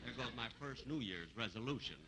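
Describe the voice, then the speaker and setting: Deadpan older man hosting a noisy 1950s TV show. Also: medium pitch, a little fast. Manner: dry, deadpan self-mocking delivery. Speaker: TV comedy show host. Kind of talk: 1950s TV variety comedy banter. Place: TV studio stage before a live audience. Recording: noisy 1950s TV broadcast recording.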